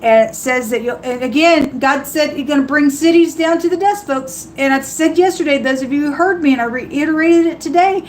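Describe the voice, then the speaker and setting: A woman's voice: sits high, fairly quick, few pauses, a little hiss or hum, rough recording. A woman hosting a tarot livestream, delivering fiery warnings and quoting scripture in a preachy monologue.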